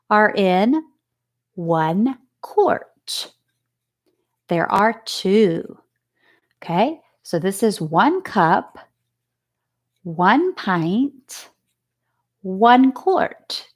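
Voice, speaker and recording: A woman teacher giving a remote lesson to young children, patiently sounding out letters and words. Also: mid-range voice. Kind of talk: remote phonics and math lesson.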